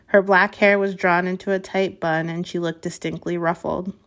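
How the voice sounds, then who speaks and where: Woman, measured storybook reading, small slips, slightly low voice. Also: flat delivery. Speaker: reader. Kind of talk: reading a novel aloud.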